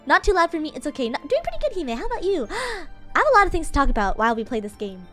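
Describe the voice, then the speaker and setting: Bubbly high-voiced young woman streamer. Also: sing-song, quick pace, music in the background. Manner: bubbly and giggly, thanking viewers. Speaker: VTuber streamer. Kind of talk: casual live-stream chat.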